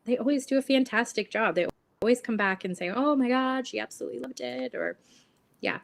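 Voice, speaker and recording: A woman's voice: on the high side, fairly quick, vocal fry. A woman guest who owns a shop, talking in an earnest, encouraging, chatty way during an interview. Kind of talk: casual interview chat.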